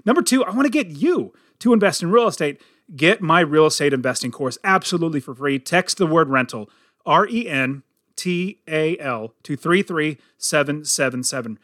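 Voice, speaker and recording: A man's voice: on the high side, lively intonation, fairly quick, fairly bright tone, dry recording, clean studio sound. Earnest emphatic male podcast host. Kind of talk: casual podcast interview.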